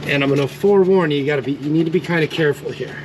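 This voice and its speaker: A laid-back man with a fairly high voice talks through a car repair step by step, cursing casually as he works. He is recorded on a camera mic in a garage. Clear workshop and vehicle noise runs behind him. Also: very fast. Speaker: DIY car repair host. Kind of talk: casual how-to walkthrough.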